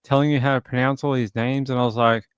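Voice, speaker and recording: A man's voice: medium pitch, flat delivery, fast talker, smooth, dry recording, clean studio sound. A man hosting a true crime live stream, chatting casually with viewers in a joking, rambling way. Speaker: true crime livestream host.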